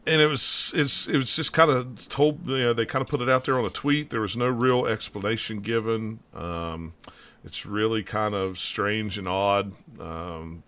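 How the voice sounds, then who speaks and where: A man's voice: lowish voice, fairly bright tone. A man hosting a casual podcast chat, talking in a stop-start, rambling way with lots of restarts. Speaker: podcast host.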